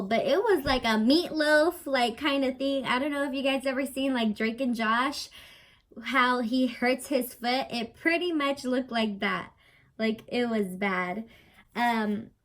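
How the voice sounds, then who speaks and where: A young woman tells a story to her camera in a chatty vlog, her voice sitting a little high. She rambles with plenty of fillers and acts out what others said with animated energy. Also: poor audio. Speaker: vlogger.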